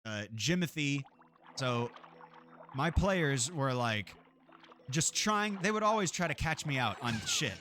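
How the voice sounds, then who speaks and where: A man's voice: a little high, lively intonation, a little slow, sharp tone, slight background noise. A man streaming a game, chatting casually in a rambling, profane way and laughing often. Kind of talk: casual gameplay chat.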